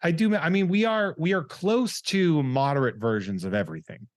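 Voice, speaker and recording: A man's voice: a little high, fairly quick, no echo, studio quality. Rambling, jokey male podcast host. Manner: rambling, jokey, reads listener shout-outs. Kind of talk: casual chat.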